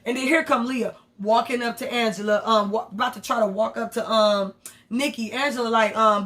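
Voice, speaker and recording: A woman's voice: on the high side, moderate pace. Candid profane woman recapping a TV episode. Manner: candid, profane, animated retelling with quoted asides. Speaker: TV show reviewer. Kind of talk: casual recap commentary.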